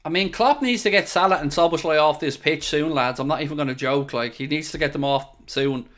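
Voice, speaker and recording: A man hosting a live football watchalong stream, chatting casually, answering viewer messages and bursting out loud when goals go in. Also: fairly high pitch, a little fast. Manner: excitable, swings between chatty asides and loud bursts at goals. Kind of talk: live casual commentary and chat.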